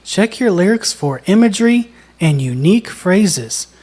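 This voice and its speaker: A woman co-hosting a songwriting lesson, explaining in a measured, deliberate way. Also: mid-range voice, expressive, a little mellow, breathy edge. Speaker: songwriting co-host. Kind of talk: instructional conversation.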